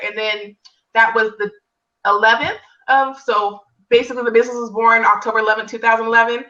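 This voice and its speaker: A woman telling a personal story in casual conversation, acting out quoted lines. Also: fast. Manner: animated storyteller, acts out quotes in higher pitch. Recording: distant mic, dull lo-fi sound.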